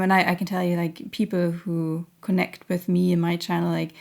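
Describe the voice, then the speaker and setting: A woman giving a spiritual reading to camera, gentle and earnest, hesitant and searching with many pauses and fillers. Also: fairly low pitch, vocal fry. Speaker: intuitive reader.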